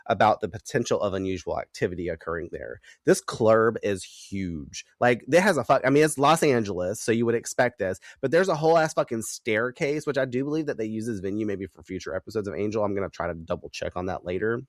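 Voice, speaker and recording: A man in his thirties hosting a casual recap podcast, animated and profane, laughing often. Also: fairly low pitch, fast talker, few pauses, no room sound, studio quality. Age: 30s. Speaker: podcast host.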